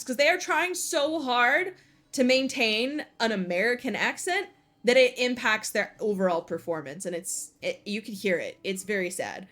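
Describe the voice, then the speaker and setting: A woman streaming a game who rants passionately while she plays, her voice at an ordinary mid pitch. Faint game music plays behind her. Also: normal speed. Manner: passionate, ranting, animated. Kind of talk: live gameplay commentary.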